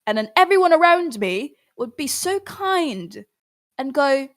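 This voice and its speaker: A young adult woman speaks in a relaxed, conversational way. She is earnest and encouraging, like a singer cheering on her listeners. Her pitch sometimes jumps up when she gets animated. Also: a little slow. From Philippines. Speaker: singer and artist answering fans. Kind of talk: casual livestream chat.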